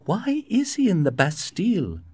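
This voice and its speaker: A man's voice: high voice, wildly swooping pitch, moderate pace, darkish tone, slightly rough, no echo, studio quality, voice pushed up, exaggerated voice. A man voicing an anxious wealthy nobleman. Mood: questioning.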